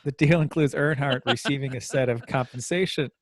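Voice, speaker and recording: A man co-hosting a podcast, reading news items with wry, deadpan asides. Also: mid-range voice, brisk, a little hiss or hum. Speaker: podcast co-host. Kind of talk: casual chat, reading news.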